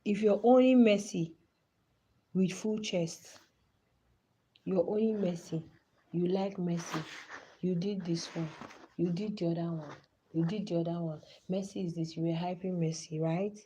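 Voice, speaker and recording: A woman's voice: on the low side, fairly even intonation, measured pace, long pauses, warm tone, slight background noise, low-quality recording. Impassioned Nigerian woman hosting a live stream. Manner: impassioned, pleading.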